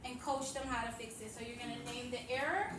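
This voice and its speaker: In a slightly high, quick voice, a woman who teaches reading models a phonics lesson for fellow teachers using upbeat, sing-song call-and-response cues. The recording is noisy, with an echoey room and a distant mic.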